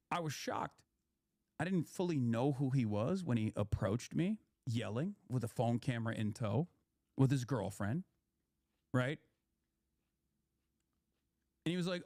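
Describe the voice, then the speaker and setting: A man's voice: medium pitch, a little mellow, dry recording, studio quality. A young man, a political commentator, ranting in a heated, profane, rambling way on a stream.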